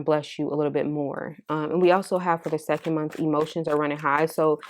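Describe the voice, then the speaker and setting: A woman with a notably low, deep voice reads tarot cards for her audience. She talks in a casual, heartfelt and candid way and swears freely. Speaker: tarot card reader. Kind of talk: casual pick-a-card tarot reading.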